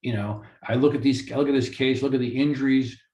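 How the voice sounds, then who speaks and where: An animated man speaks as a mediator giving a lecture for course credit, ranting and peppering his talk with rhetorical questions. His voice sits at an ordinary pitch for a man. The recording has a roomy echo. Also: quick pace, dull audio. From Florida. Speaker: mediator and lawyer.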